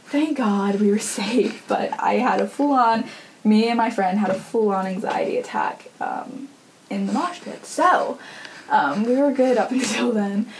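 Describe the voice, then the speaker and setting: A woman's voice: medium pitch, unhurried, slight background noise, rough recording. A young woman hosting a podcast, telling a story in a chatty, casual way full of fillers and laughter. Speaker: podcast host.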